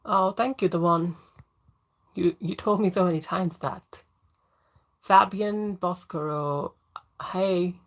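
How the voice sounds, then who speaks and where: A woman's voice: on the low side, takes it slowly, long pauses. A woman hosting a casual livestream Q&A, answering viewer questions thoughtfully and often searching for words and restarting.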